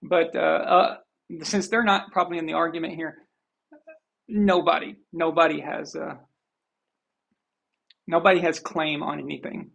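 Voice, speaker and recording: A man's voice: a little high, steady tone, measured pace, creaky, pauses often, fairly bright tone, highs cut off. An American man hosting a live show, talking bluntly in a rambling, casual rant that repeats and restarts. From United States. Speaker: host of a sports live show.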